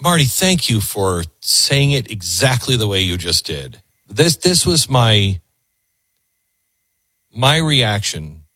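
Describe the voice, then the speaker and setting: Husky, animated male radio host. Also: mid-range voice, takes it slowly, no echo, clean studio sound. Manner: earnest, reflective, repeats words when searching for them. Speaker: radio talk show host. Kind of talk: call-in radio talk.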